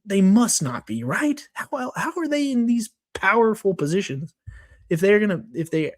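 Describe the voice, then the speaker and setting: A man's voice: sits high, big pitch swings, normal speed. Worked-up man ranting on a podcast. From Texas. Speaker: podcast co-host. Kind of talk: casual sports rant.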